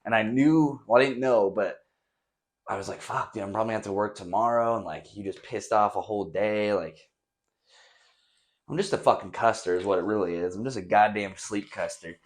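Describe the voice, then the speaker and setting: Young male podcast host, lowish voice, loose profane rambling, bare echoey bedroom, mic set back. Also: moderate pace. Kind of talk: casual solo rambling chat. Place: nearly empty echoey bedroom. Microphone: camera set on a stack of drawers some distance away.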